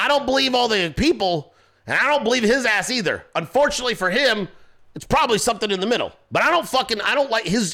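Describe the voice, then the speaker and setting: Fiery high-voiced ranting male host. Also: sharp tone. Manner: profane, confrontational ranting; mocks people with quoted voices. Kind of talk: political commentary rant.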